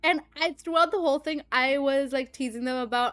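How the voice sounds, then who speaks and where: A woman's voice: sits high, a little fast, dry recording, faint music behind. A young woman streamer chatting casually and telling a story with lots of laughter and some swearing. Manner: animated, laughing often, swearing freely. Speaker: streamer and voice actor. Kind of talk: casual chat recounting a story.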